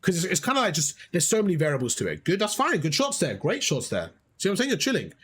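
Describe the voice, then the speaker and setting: A man's voice: sits high, wildly swooping pitch, quick pace, a bit bright, breathy edge. A man coaching a player through gameplay, encouraging and explaining things step by step, often repeating himself. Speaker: gaming coach. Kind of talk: live coaching over gameplay.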